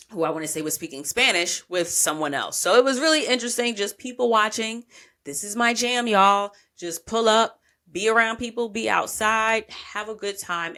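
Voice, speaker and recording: A woman's voice: on the low side, bright, forceful tone. A woman podcast host telling a travel story in a chatty, rambling way, with casual swearing and lots of asides.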